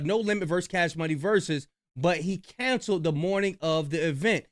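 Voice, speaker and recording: A man hosting a reaction channel, giving casual slangy commentary in an animated, ranting way. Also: high voice, dry recording, clean studio sound.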